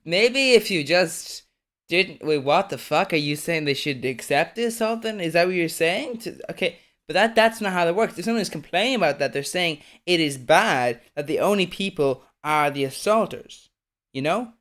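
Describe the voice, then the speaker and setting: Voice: mid-range voice, expressive, moderate pace, fairly bright tone. A streamer giving casual live commentary on a video, blunt, swearing often and restarting sentences.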